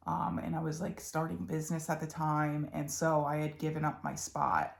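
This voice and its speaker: A woman's voice: low-pitched, level tone, normal speed, vocal fry. A young woman from Philadelphia with a Philly accent, chatting casually and rambling about her stitching projects, with lots of ums and restarts. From Philadelphia, USA. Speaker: cross-stitch vlogger.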